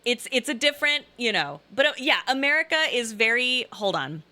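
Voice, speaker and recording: Bright, emphatic middle-aged woman streamer. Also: fairly high pitch, big pitch swings, brisk. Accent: faint Southern Illinois. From Southern Illinois. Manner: rambling, emphatic, repeats herself, pleading asides. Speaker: streamer reading chat. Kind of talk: casual live-stream chat.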